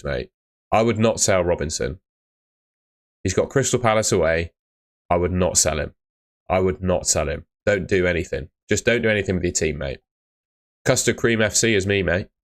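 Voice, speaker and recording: A young man hosts a live stream in a very low voice. He reads out viewers' questions and answers them bluntly, tacking "mate" onto nearly every reply. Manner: chatty, blunt advice, often ends with "mate". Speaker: fantasy football streamer. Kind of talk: casual live-stream chat.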